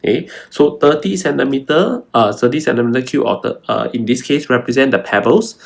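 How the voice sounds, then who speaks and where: A man's voice: mid-range voice, brisk, gravelly, husky. A young adult man, walking through a science exam paper and stressing key words again and again. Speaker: science tutor. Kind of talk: exam walkthrough lesson.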